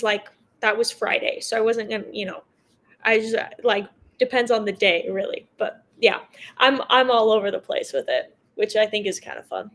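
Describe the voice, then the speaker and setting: A young American woman talking casually as an interview guest, chatty and quick to laugh, with lots of fillers. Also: medium pitch, a bit bright. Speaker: guest, motocross racer.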